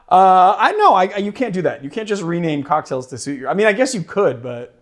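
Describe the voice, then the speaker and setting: A man's voice: high-pitched, big pitch swings, normal speed. Rambling, laughing cocktail show host man. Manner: rambling, self-deprecating, laughs easily. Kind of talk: casual tasting chat.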